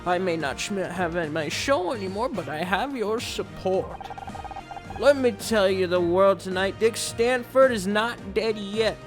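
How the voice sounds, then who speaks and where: A man's voice: sits high, expressive, a little slow, music in the background. A man voicing a smarmy retired male host of an awards show, talking in showy, joking emcee patter in a game. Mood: hammy.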